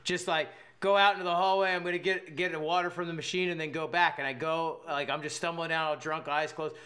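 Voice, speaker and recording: A man's voice: a little high, fairly even intonation, quick pace, pushed and bright. A young man casually telling a rambling story with lots of filler words and bursts of laughter. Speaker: podcast co-host telling a story.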